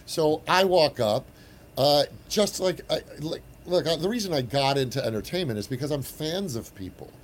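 A man in his forties, an actor telling an anecdote in casual chat, animated with frequent restarts. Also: fairly high pitch, normal speed. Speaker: actor and guest.

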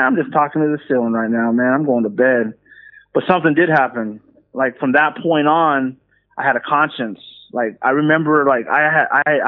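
Guy minister telling his story, slangy and animated, tinny phone audio. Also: mid-range voice. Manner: slangy, animated, acts out quoted voices. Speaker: guest minister. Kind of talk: casual storytelling.

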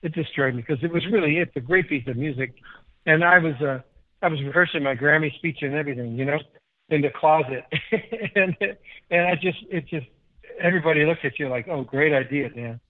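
Older man from Chicago, interview guest; slightly raised pitch, rambling anecdotes, heard through a thin phone-style line. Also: brisk, narrow, tinny audio. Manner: animated, rambling anecdotes with many restarts. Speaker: guest musician. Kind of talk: casual interview storytelling.

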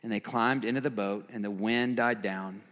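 A man preaching a sermon, reading scripture and acting out its voices, swinging between emphatic highs and quiet, earnest lows. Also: fairly even intonation, normal speed, big-room sound.

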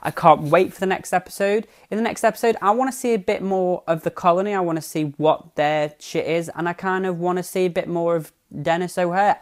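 A young woman hosting a casual podcast, recapping a TV episode in a chatty, sarcastic way, swearing freely and wandering onto tangents. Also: mid-range voice. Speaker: podcast host.

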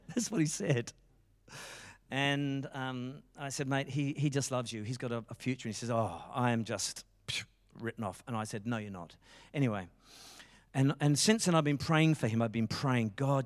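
Speaking at medium pitch in a large hall, a middle-aged male pastor delivers a fervent sermon. He leans heavily on storytelling, quoting what characters said.

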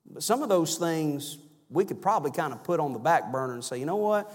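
A preacher with a high voice delivers a sermon in a church, and long reverb trails his words. He swings between loud, emphatic cries and low, soft asides. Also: expressive, brisk, breathy edge. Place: church sanctuary.

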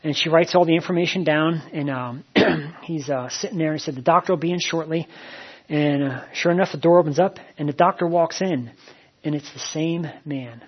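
A man preaches a sermon plainly and conversationally, telling a story full of fillers and repeated phrases. His voice is fairly high and slightly rough, in a dull lo-fi recording.

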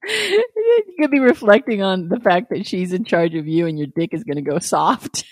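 Lively woman teasing her co-host. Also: lowish voice, a little hiss or hum. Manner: teasing, quick to laugh, gives frank relationship advice. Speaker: podcast co-host. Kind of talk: casual chat.

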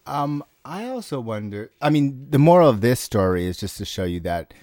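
A man's voice: mid-range voice, very animated, moderate pace, a little mellow. A man co-hosting a comedy show with wry, sarcastic remarks. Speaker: co-host. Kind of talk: casual comedy chat.

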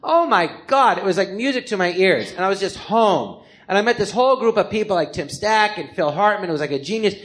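Animated American man telling comedy stories. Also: sits high, a little fast, few pauses. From Los Angeles, California. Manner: animated, acts out quoted people in different voices. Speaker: comedian telling his life story. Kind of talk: live comedic storytelling. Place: live theatre stage before an audience.

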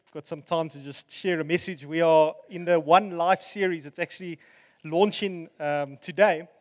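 High-voiced pastor preaching. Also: male voice, moderate pace, long reverb tail. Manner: earnest, relaxed preaching with asides and fillers. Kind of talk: sermon.

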